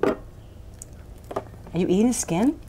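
A woman's voice: medium pitch, animated, extremely slow, noisy background. A woman hosting a casual cooking demonstration in a kitchen, chatting and rambling with frequent laughs. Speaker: cooking show host.

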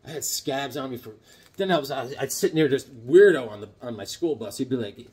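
Lively middle-aged man telling stories. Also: mid-range voice, brisk. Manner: rambling, jokey, animated, acts out voices. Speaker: comic book collector host. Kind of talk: casual storytelling vlog.

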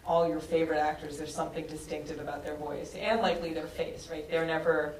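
A woman's voice: sits low, steady tone, brisk, darkish tone. A woman filmmaker speaking on a panel in a casual, chatty way, laughing often and filling her talk with fillers. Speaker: film director on a panel. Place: auditorium at a screening event. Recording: echoey hall from far off, faint noise.

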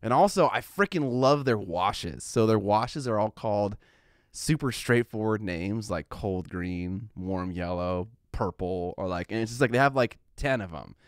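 A man's voice: lowish voice, lively intonation, unhurried, no echo, studio quality. A man co-hosting a casual podcast, rambling with lots of fillers and restarts. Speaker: podcast co-host.

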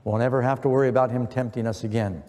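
A man's voice: mid-range voice, fairly even intonation, fast talker, mellow. A middle-aged man preaching an earnest sermon, quoting scripture with emphasis. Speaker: pastor. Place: church. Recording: long church reverb.

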